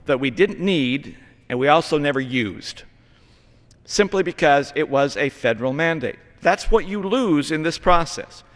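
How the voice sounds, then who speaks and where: A man's voice: fairly high pitch, animated, a little slow. A middle-aged man from Utah giving a formal floor speech as a congressman, earnest and lecturing, with emphatic stresses. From Utah, United States. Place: large legislative chamber. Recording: reverberant chamber sound.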